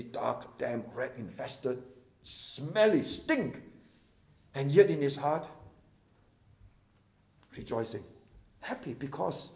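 Singaporean male pastor, high-pitched, fervent sermon delivery that drops soft then surges loud, roomy church echo. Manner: impassioned, swinging from hushed to loud. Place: church sanctuary.

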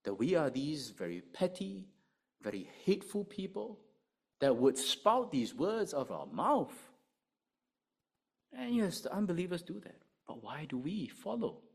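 A male preacher delivering a sermon in a slightly high voice. His pitch moves a lot, climbing for emphasis and sinking low for quiet points. He talks through rhetorical questions and swings between loud and soft. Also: measured pace, creaky, husky. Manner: animated, rhetorical questions, rises and drops sharply in volume.

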